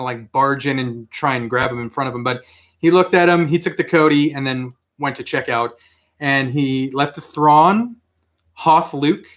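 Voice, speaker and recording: A man hosting a toy collecting show, telling stories in a casual, chatty way, with animated reactions when he quotes himself. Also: fairly high pitch. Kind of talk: casual live-stream chat.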